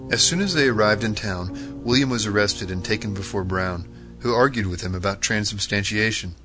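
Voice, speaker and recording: Male narrator, earnest and measured, low-pitched with a forceful edge, soft guitar underneath. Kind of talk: scripted narration of martyr stories. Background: faint guitar music.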